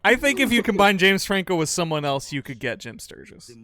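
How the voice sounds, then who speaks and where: A man's voice: high voice, sing-song, a little fast, bright, forceful tone. A man streaming a video game for charity, joking and laughing often in casual commentary.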